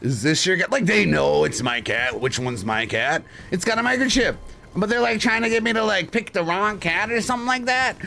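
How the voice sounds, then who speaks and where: A man's voice: sits high, normal speed, gravelly. A man streaming live, chatting casually and telling stories with lots of swearing and frequent laughter. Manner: animated, swearing storyteller who laughs often.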